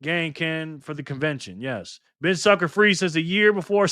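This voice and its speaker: A man hosting a casual live stream, reading comments aloud and answering viewers by name in a lively, playful way with lots of laughs and slang. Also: a little high, normal speed, smooth, dry recording, studio quality. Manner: mixes slang and internet abbreviations into speech.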